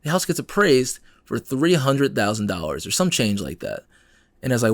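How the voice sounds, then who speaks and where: A man's voice: lowish voice, normal speed, dry recording, studio quality. A man hosting a podcast, talking through news stories in a casual, exasperated way and acting out the people he quotes. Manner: animated and exasperated, acts out quoted people, swears freely. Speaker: podcast host.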